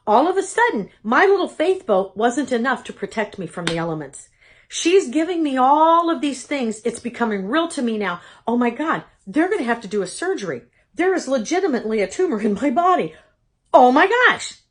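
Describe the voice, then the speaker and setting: A woman giving a personal testimony talk as a Christian speaker, telling her story in an animated, expressive way with dramatic asides. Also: a little high, brisk.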